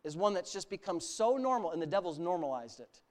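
A male pastor delivers a sermon with a lively, rising-and-falling voice. He builds his points through long, rhythmic lists and presses them home with emphasis. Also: high voice, brisk. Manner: animated preaching, builds with repeated lists.

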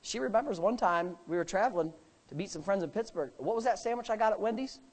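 A male pastor preaching a sermon in a church sanctuary, emphatic, swinging between loud bursts and low asides, with joking asides. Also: expressive, quick pace.

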